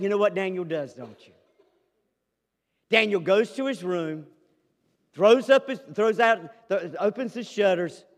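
A male pastor with a notably high voice preaches a sermon, telling the story with dramatic swings from loud proclamations to hushed asides. His voice rings out with a long reverb, as if recorded in a big church hall.

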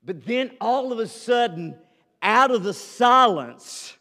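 A man preaching a sermon as pastor, telling a story with dramatic swings between loud declarations and hushed asides. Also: very high-pitched, expressive, slow pace, in a large hall.

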